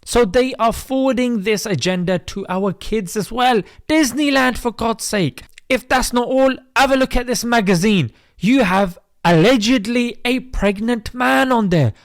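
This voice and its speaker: A man's voice: extremely high pitch, unhurried, hardly any pauses, no room sound, clean studio sound. A British man hosting an opinion commentary vlog, preachy and chatty, calling his viewers mate. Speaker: host.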